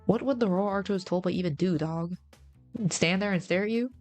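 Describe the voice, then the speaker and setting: A young woman VTuber chatting casually on a live stream, rambling and teasing, with low-quality mic sound. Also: brisk, a little mellow, faint music behind. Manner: rambling, repeats herself, teasing. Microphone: game chat headset mic, low sound quality.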